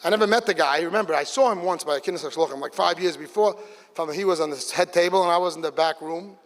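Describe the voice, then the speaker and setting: High-voiced man telling a story in an echoing hall. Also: quick pace. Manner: lively storytelling, shifts into excited exclamations. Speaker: speaker at a community gathering. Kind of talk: storytelling speech to a gathering. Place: large event hall. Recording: long reverb of a big hall.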